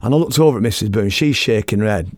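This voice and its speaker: A middle-aged man telling a story in a lively, blunt, self-mocking way, as a radio presenter. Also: on the low side, quick pace, no room sound, clean studio sound. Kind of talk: casual anecdotal storytelling.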